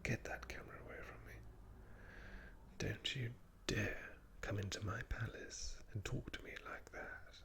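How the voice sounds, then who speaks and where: A man's voice: fairly low pitch, steady tone, a little slow, creaky, fairly bright tone, voice pushed up. A man putting on a posh upper-class English accent to play a pompous older royal man, in whispered role-play. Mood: indignant.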